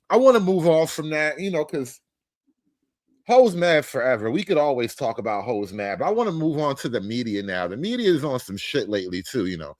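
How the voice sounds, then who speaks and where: A man's voice: medium pitch, sing-song, fairly quick, dry recording. Slangy man joking through a commentary. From United States. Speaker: commentary host. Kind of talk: casual reaction commentary.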